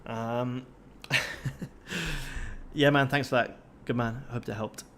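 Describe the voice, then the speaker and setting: A man's voice: mid-range voice, steady tone, extremely slow, fairly bright tone, slight background noise. A young man hosting a trading livestream, talking casually and swearing constantly in a pumped-up, motivational way.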